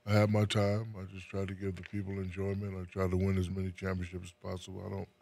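A man's voice: low voice, completely flat delivery, quick pace, creaky, a little mellow. A man from New Jersey, a retired basketball player being interviewed, speaking in a laid-back way and often repeating words as he starts a sentence. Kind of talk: casual interview chat.

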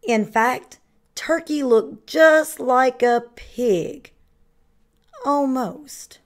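A woman kindergarten teacher reading a picture book aloud to children with slow, expressive storytelling. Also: high voice. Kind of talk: children's read-aloud narration.

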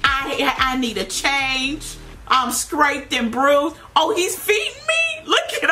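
A woman's voice: high voice, expressive, drawn-out words, bright, forceful tone. A young woman giving playful gameplay commentary, dramatic and laughing as she talks to her viewers. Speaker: gaming video creator.

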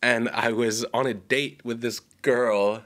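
A man's voice: mid-range voice, fairly even intonation, slow pace, a bit bright. A young man telling a long story in a casual podcast chat, rambling and correcting himself. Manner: rambling, self-correcting, laughs often. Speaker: podcast co-host.

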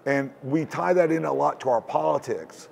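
Speaking at normal speed in a fairly high, slightly mellow voice with vocal fry, a Texan from Houston is a guest in a casual interview on a hacker convention floor. His talk wanders in loops, peppered with "it's like."

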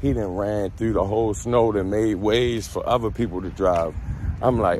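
A man's voice: fairly low pitch, moderate pace, a little hiss or hum. A man with a Baltimore accent telling a profane, slangy story outdoors while walking. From Baltimore, USA. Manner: loose, profane street slang, animated retelling. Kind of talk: casual storytime vlog. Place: outdoors on a walk.

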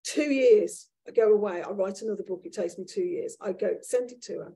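A woman author at a live event, candidly telling a self-deprecating story from her own life in a lively, conversational way. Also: medium pitch, brisk, husky, low-quality recording. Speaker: author guest at a live talk. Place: event room with an audience.

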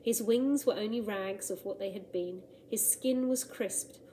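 Woman teacher, storybook read-aloud for children, gentle and expressive, warm mellow tone. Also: mid-range voice, measured pace, slight background noise, rough recording. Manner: gentle, expressive, asides about the pictures.

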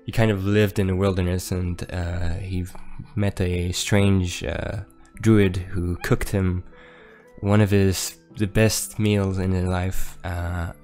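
Man, very deep voice, hesitant, lots of ums, faint music behind. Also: darkish tone. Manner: hesitant, many fillers. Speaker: player. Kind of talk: describing his character backstory.

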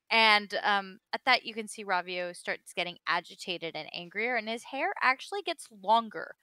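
A woman running a tabletop game as game master, narrating with many pauses and small laughs. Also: medium pitch, animated, pushed and bright, clear, resonant tone, dry recording.

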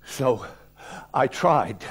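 A man in his sixties, an actor and lecturer, tells a story from his childhood very slowly in a slightly rough voice with lively intonation. His delivery is dramatic, vivid, wry, and theatrical, with big swings in pitch and loudness.

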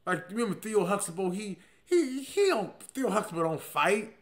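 A man hosting a podcast and telling a personal story in a casual, comic way. He swings from low, mumbled asides to loud outbursts. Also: very animated, normal speed. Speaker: podcast host.

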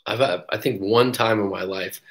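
A man's voice: lowish voice, moderate pace. A man working as a breakup coach, talking casually on a live stream and acting out quotes as he tells stories. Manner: casual, animated storytelling with acted quotes. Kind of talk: live-stream book review talk.

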